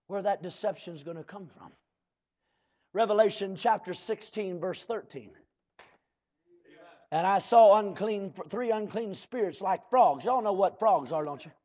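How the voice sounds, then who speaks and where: A man preaching a fiery sermon, breaking into shouts and slow drawled asides and calling out to the congregation. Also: high voice. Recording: dull lo-fi church recording.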